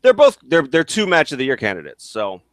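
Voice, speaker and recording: A man's voice: on the high side, wildly swooping pitch, a little fast, no room sound, studio quality. A man hosting a podcast in casual chat, hesitant and stumbling over his words, speaking into a headset. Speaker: podcast host.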